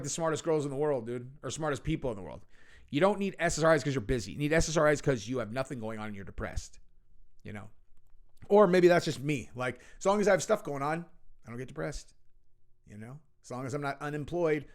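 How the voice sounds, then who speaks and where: A man giving casual, sarcastic reaction commentary and mocking what he hears. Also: a little high.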